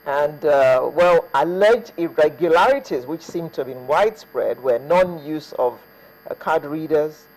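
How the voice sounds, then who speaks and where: A man with a somewhat high voice hosting a morning TV talk show from a studio. He talks in a loose, chatty way, often pausing with fillers, and introduces the guests. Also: lively intonation, a little mellow, low-quality recording. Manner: chatty, hesitant fillers, reads names off a list. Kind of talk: TV news talk show presenting.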